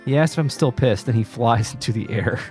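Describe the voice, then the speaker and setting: Relaxed man chatting over faint music. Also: mid-range voice, brisk. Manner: relaxed, hesitant, repeats words when thinking. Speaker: podcast co-host. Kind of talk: casual chat about a video game.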